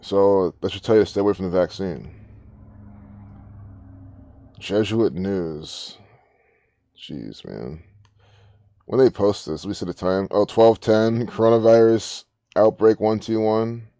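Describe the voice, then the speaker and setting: A man with a low, dark, mellow voice talks through social media posts in a loose, rambling way, swearing and sounding incredulous. The sound is close and dry, with no room around it. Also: takes it slowly, pauses often, no echo. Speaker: online commentator. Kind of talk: casual commentary reading social media posts.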